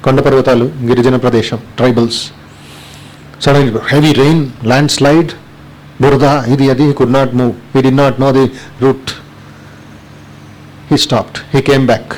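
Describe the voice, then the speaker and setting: A man with an Indian accent, a swami giving a storytelling sermon, animated, mixing in local phrases. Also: mid-range voice, racing, long pauses, poor audio. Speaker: swami teaching on karma yoga.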